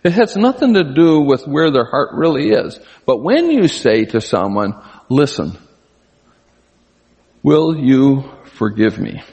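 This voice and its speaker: An older man delivers a conversational sermon with a husky, slightly breathy voice. He talks earnestly and his voice jumps up high when he stresses a point. The sound trails off in a long hall reverb. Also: wildly swooping pitch, moderate pace, a little mellow. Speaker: preacher.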